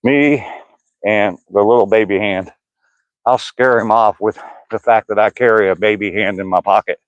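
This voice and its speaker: A man's voice: on the low side, fairly even intonation, moderate pace, no echo, dull audio. Older man chatting on a walking trail. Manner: jokey, laughing, reading chat comments aloud. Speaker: vlogger. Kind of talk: casual live-stream chat while walking.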